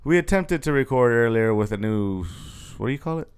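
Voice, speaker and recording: A laid-back male podcast co-host, tired late at night, joking and rambling in casual chat. His voice is gravelly yet smooth and resonant, with a lively, swinging pitch. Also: brisk.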